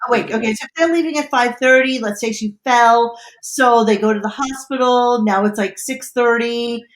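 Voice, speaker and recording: A woman's voice: a little high, moderate pace. A woman co-hosting a podcast, reacting to old radio clips with sarcastic, profane disbelief. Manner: incredulous, swears freely, sarcastic. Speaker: podcast co-host. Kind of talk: profane, heated reaction commentary.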